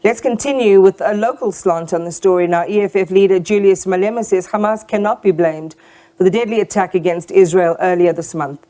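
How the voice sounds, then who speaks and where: A woman anchor reading a news report in a measured, formal way. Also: mid-range voice, warm tone.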